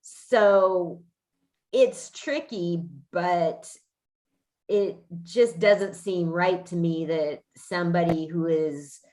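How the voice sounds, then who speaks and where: A woman podcast host chatting casually, fired up and indignant, swearing often as she talks. Her voice sits low, and she speaks slowly, often stopping to restart a sentence. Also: steady tone, a little mellow. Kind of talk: casual chat.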